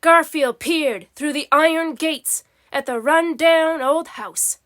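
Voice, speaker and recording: A woman narrates a children's storybook at an unhurried pace. Her voice sits high and bright, and she reads expressively. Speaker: storybook reader.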